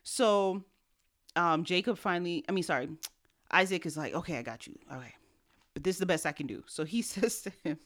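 A woman's voice: lowish voice, fairly quick, a bit bright. A woman co-hosting a podcast, casually retelling a Bible story and acting out the characters' lines in everyday slang. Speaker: podcast co-host.

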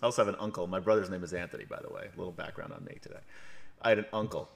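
A man's voice: low-pitched, racing, creaky. A man from New York, the game master on a livestream, recapping the campaign in a joking, rambling way with many fillers.

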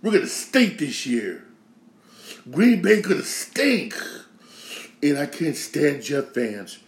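A man from Connecticut hosting a podcast, ranting casually with slang and a lot of repetition, swinging from loud outrage to low grumbling. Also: big pitch swings, takes it slowly, roomy sound. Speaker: podcast host. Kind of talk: casual sports rant.

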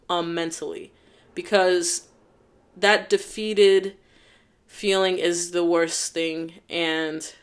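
A young woman hosting a casual solo podcast, talking in a heartfelt, rambling way full of fillers. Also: lowish voice. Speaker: podcast host.

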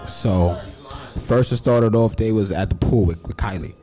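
A man's voice: on the low side, moderate pace, loud music behind the voice. A man co-hosting a podcast, telling a story in casual chat and asking "feel me?" again and again. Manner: animated storytelling, repeats "feel me?". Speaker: podcast co-host. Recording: background noise.

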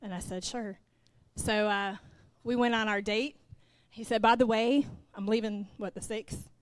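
Unhurried and steady, a medium-pitched, clean voice with no room sound carries this sermon. The middle-aged pastor's wife preaches from the pulpit, telling a personal story, acting out the dialogue, and addressing the congregation directly.

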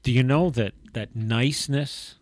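In a dry recording, a middle-aged man with a medium-pitched voice talks a little slowly while co-hosting a laid-back Christian podcast. He tells stories with animation and performs the quotes he relates.

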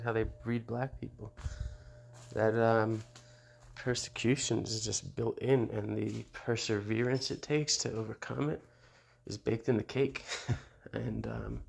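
A man's voice: medium pitch, gravelly. A middle-aged man hosting his own show in a blunt, rambling, profane monologue, laughing between remarks. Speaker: show host.

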